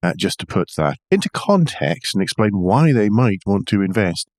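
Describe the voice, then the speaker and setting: A man's voice: on the low side, sing-song, moderate pace, a little mellow, dry recording, studio quality. A man hosting a car news podcast, joking and teasing his co-host. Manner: teasing, jokey. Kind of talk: casual chat about car news.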